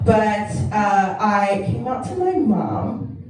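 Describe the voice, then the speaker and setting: A woman's voice: medium pitch, big pitch swings, slow, darkish tone. A young woman doing a stand-up set in a club, chatty and self-mocking, often laughing at her own jokes. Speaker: stand-up comedian. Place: comedy club stage. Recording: echoey room, mic heard from far off.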